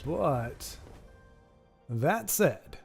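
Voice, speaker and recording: A man's voice: fairly high pitch, very animated, drawn-out words, gravelly, soft background music. Rambling man casting a card game. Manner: rambling, self-deprecating, joking. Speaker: streamer and caster. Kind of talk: casual live-stream commentary.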